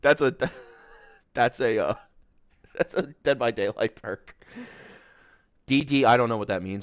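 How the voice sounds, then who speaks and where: A man's voice: medium pitch, a little slow, long pauses, no room sound. Crude mocking male streamer, dry sound. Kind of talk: casual commentary reading chat logs.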